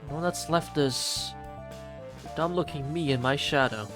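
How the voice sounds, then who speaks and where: A male streamer reading a visual novel aloud and reacting casually, animated and swearing freely while he talks to chat. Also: fairly high pitch, measured pace, music in the background.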